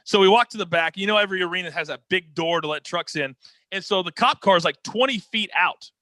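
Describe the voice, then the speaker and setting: A man telling a dramatic story as an interview guest, energetic and expressive, on a close podcast mic. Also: high voice, fast talker. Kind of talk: animated storytelling.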